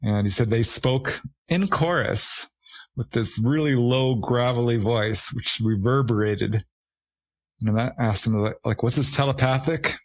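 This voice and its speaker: A man in a relaxed conversation, retelling a witness account with animated delivery. He laughs often and lifts his voice high when he quotes others. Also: unhurried, dry recording. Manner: laughs often while talking. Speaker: guest, paranormal investigator. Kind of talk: conversational storytelling.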